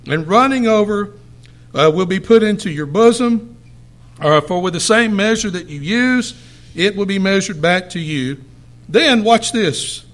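A man reading scripture aloud and adding commentary, pausing often with "uh" fillers, clearing his throat and correcting himself as he goes. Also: high-pitched, a bit bright. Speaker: Bible teacher.

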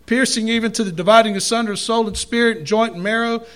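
A man preaching a sermon to a congregation, reading scripture aloud and stressing words with slow emphasis. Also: extremely high pitch, fairly even intonation, fairly bright tone.

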